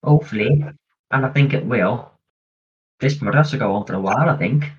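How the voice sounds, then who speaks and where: A man's voice: mid-range voice, a little fast, slightly rough. A man co-hosting a podcast, chatting in an easygoing way and planning aloud. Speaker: podcast co-host. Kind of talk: casual chat. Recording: dull lo-fi audio.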